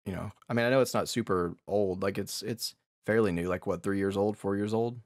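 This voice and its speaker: A man's voice: fairly low pitch, a little fast, a little mellow, dry recording, clean studio sound. A man co-hosting a podcast in casual chat, enthusiastic and peppered with dude and bro. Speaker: podcast co-host.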